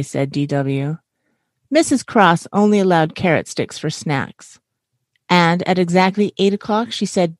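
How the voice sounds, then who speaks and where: A middle-aged woman, a mother of four, reading a children's story aloud in an expressive way. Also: low-pitched, normal speed, no echo, clean studio sound.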